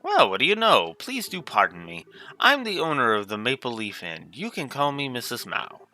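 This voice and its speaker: A man's voice: medium pitch, very animated, moderate pace, bright, forceful tone. A man putting on a folksy old innkeeper woman. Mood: fond. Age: older. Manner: homespun old-fashioned sayings, fussing over the girl. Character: folksy elderly woman innkeeper, warm and chatty. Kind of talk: reading game dialogue aloud with voices.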